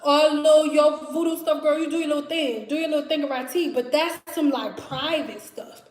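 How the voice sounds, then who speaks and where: Brief: young Detroit woman, casual storytime vlogger, high voice, lively and laughing. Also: fairly quick, roomy sound. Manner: chatty, animated, laughs often, acts out voices. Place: home kitchen.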